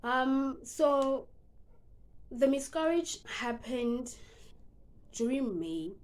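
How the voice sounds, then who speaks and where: A young adult vlogger from South Africa, speaking with a South African accent, tells a personal story in an earnest, emotional style while slipping into casual asides. Her voice is high-pitched and sing-song, with drawn-out words.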